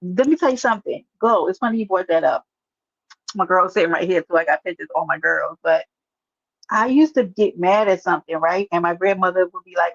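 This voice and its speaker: A woman chats casually on her livestream, teasing and answering viewers by name as they write in. Her voice sits at an ordinary pitch. The sound is dull and lo-fi, with a dry, close room. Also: lively intonation, a little fast, no echo. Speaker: livestream host. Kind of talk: casual live-stream chat.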